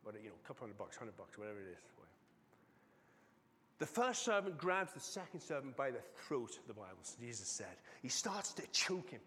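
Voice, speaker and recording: A middle-aged man preaching a sermon as a pastor, telling the story dramatically and swinging between loud and hushed delivery. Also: medium pitch, sing-song, normal speed. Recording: long reverb of a large hall.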